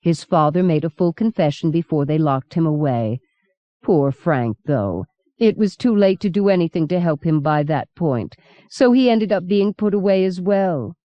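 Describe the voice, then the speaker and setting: A woman narrator voicing an eerie, chatty old woman who tells dark stories matter-of-factly. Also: fairly low pitch, dry recording, close to an everyday voice. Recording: dull lo-fi cassette recording.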